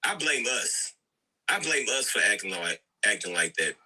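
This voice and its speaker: A man's voice: on the low side, big pitch swings, moderate pace, pushed and bright, poor audio. A man co-hosting a livestream reaction, talking earnestly and lecturing, often repeating himself. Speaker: co-host. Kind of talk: casual reaction commentary.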